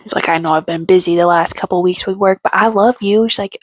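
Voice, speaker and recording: A woman's voice: fairly low pitch, steady tone, quick pace, no room sound. A woman giving a casual commentary recap of a reality show, with sarcastic, snarky asides.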